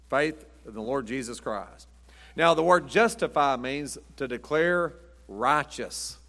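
A man's voice: fairly high pitch, a bit bright. A middle-aged man preaching a Baptist sermon in a folksy, emphatic way, with punchy short lines.

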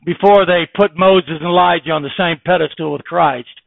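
A man preaching a sermon with impassioned delivery that swings between loud emphasis and hushed tones. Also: sits high, normal speed, gravelly, few pauses, no room sound. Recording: tinny phone-like, dry.

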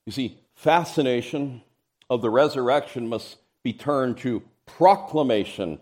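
A man preaching a sermon, reading scripture aloud in an expressive, rising and falling delivery. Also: mid-range voice, a little slow. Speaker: pastor.

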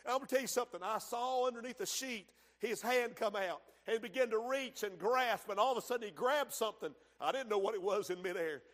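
A man's voice: high-pitched, brisk, hardly any pauses, a bit bright. A man preaching a fervent revival sermon in a church, emphatic and full of amens and hallelujahs. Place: church sanctuary. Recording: long hall reverb in a church.

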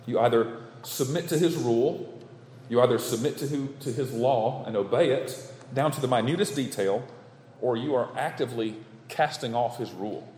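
A man preaching a sermon from the pulpit, stressing his points through steady repetition. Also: medium pitch, moderate pace, slight background noise. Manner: emphatic, repetitive preaching cadence. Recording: echoey hall with long reverb.

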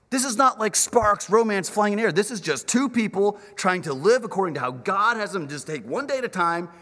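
A man preaching a sermon, animated and acting out the characters' lines in little voices. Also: mid-range voice. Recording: reverberant hall.

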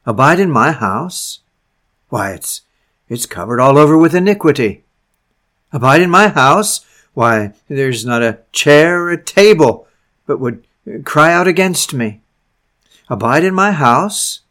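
A man's voice: a little high, animated, unhurried, a bit bright. Man reading a shamed sinner in disbelief, exclaiming, sermon reading. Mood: astonished. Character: ashamed unworthy sinner man, protesting in disbelief.

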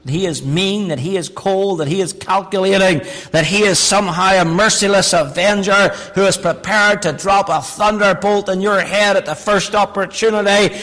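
High-voiced preacher man in a hall. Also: fairly even intonation, normal speed, hardly any pauses. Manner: folksy, humorous, swings from quiet asides to raised emphatic calls. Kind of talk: sermon. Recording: long reverb of a large hall.

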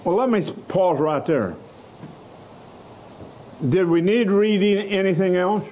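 A man preaching a sermon, slow and emphatic, stressing key words and letting out short laughs. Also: high-pitched, animated, darkish tone, slight background noise.

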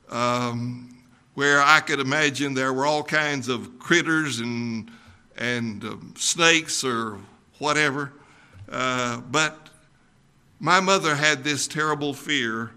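An older man preaching a sermon, folksy and unhurried, with frequent ums and uhs. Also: medium pitch, bright, forceful tone. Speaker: pastor.

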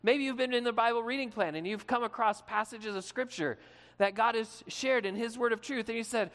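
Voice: mid-range voice, a little fast, fairly bright tone. Conversational preacher in a reverberant hall. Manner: conversational preaching, asks the listeners questions. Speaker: pastor. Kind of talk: sermon.

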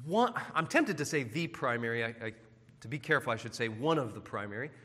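A man's voice: mid-range voice, expressive, fairly quick, a bit bright, breathy edge. A man preaching a sermon in an earnest, emphatic way, pleading at times. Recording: long hall reverb.

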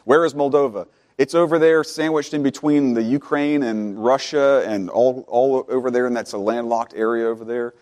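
A man preaches a sermon. He speaks plainly and conversationally, then his voice climbs and grows louder as he exhorts the congregation. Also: medium pitch, steady tone, normal speed. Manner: builds from quiet and conversational to loud, fervent preaching.

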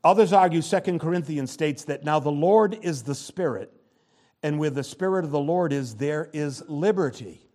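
Man, preacher, sermon, slightly high voice, loud rising exhortation, quiet low asides. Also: moderate pace.

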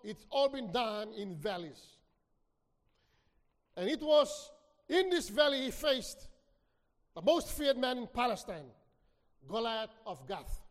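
A man preaching a sermon, reading scripture dramatically, with sudden swings between near-hushed lines and shouted ones. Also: extremely high pitch. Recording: long hall reverb.

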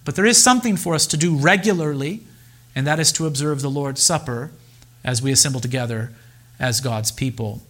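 A male pastor preaching a sermon in a deliberate, emphatic way, with pauses and repeated phrases. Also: medium pitch, a bit bright.

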